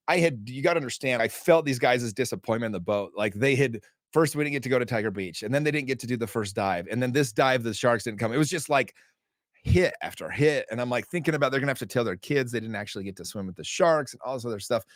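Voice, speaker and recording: A man's voice: mid-range voice, fast talker, no echo, studio quality. A man who is a podcast guest, telling a story in a casual, emphatic way, swearing freely and acting out dialogue. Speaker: podcast guest, author and men's group founder. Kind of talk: animated storytelling in conversation.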